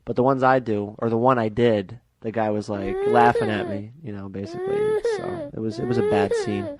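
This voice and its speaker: A man's voice: lowish voice, big pitch swings, over a noisy crowd. A man co-hosting a comedy talk show, chatting casually and tossing in wisecracks. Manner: wisecracking, quick interjections. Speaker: co-host.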